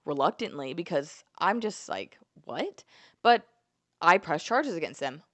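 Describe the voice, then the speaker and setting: A woman's voice: sits low, expressive, normal speed, no room sound. Profane, dramatic woman telling a story. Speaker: storyteller recounting a fight. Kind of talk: casual storytime vlog.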